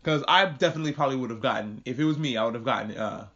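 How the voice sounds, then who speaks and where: A man from New York hosting a casual podcast recap, with profane, animated, rambling commentary. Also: mid-range voice, rapid-fire. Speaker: podcast host. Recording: muffled lo-fi recording.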